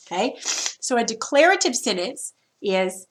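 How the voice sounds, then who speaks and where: A woman's voice: on the high side, very animated, normal speed, fairly bright tone. A woman teacher talking students through a recorded grammar lesson, chatty and informal, repeating herself and restarting as she explains.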